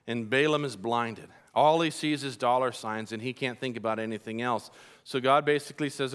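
A man preaching a sermon in an animated, storytelling way, with folksy asides. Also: mid-range voice, normal speed, clear, resonant tone.

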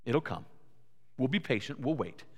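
A man's voice: medium pitch, very animated, normal speed. A man preaching a sermon as pastor, earnest, building to emphatic peaks and often repeating words. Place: church sanctuary. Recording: long church hall reverb.

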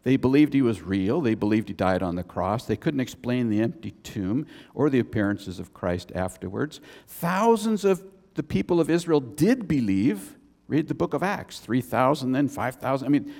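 A man's voice: medium pitch, darkish tone. A man preaching a sermon as a pastor, conversational, with chatty asides between points. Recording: long reverb of a church hall.

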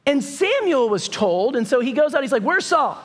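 High pitched guy preaching, chatty storytelling sermon, gets loud sometimes. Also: normal speed. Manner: animated storytelling, conversational with bursts of shouting. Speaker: pastor.

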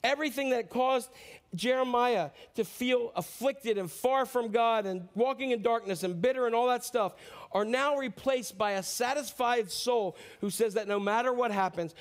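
A man with a fairly high voice preaches a sermon in a relaxed, conversational way. He acts out the quotes he reads and swings between quiet, heavy lines and sudden cheering bursts. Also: moderate pace. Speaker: pastor.

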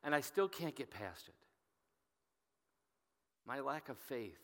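Earnest pastor in an echoing hall. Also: male voice, medium pitch, very animated. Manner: earnest and halting, often dropping to a hushed voice. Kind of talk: sermon storytelling. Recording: long reverb from a hall.

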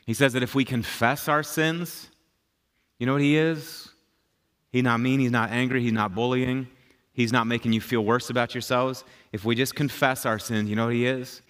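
A man's voice: medium pitch, fairly even intonation, moderate pace, fairly bright tone. A middle-aged man, a pastor, preaching a sermon in a conversational, emphatic way, repeating his key phrases.

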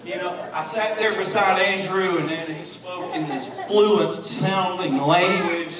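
A man preaching a sermon as pastor, swinging from soft and intimate to loud shouting, with many repeated "and, and" restarts. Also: high-pitched, fairly even intonation, takes it slowly, over a noisy crowd. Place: large church sanctuary. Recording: very echoey church hall, distant mic, congregation noise. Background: congregation.

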